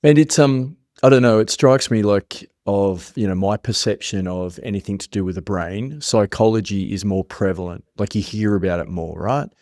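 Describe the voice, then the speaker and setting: A man's voice: fairly low pitch, moderate pace, hardly any pauses, darkish tone, no room sound, studio quality. A man hosting a podcast, thinking aloud hesitantly with plenty of fillers. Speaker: podcast host. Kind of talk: casual podcast conversation.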